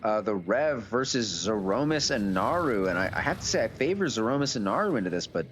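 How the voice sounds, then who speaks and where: A man with a fairly low voice calls a live esports match as the host. He talks in a relaxed, chatty way and often restarts his words mid-thought. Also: fairly quick, slight background noise. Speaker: tournament host and caster.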